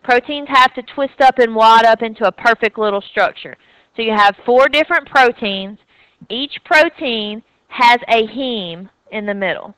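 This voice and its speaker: A woman with a Southern US accent teaches a class in a bright, crisp voice. She keeps the tone chatty and keeps checking in with her students. The sound is close and dry. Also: a little high, moderate pace, dry recording, low-quality recording. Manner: chatty, checks in with frequent "okay?". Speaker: anatomy and physiology teacher. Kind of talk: recorded classroom lecture.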